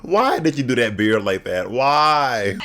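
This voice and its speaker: A man's voice: medium pitch, expressive, a little slow, pushed and bright. A man hosting a casual reaction video, talking candidly and bluntly with bawdy jokes and frequent laughter. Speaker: drag reaction video host.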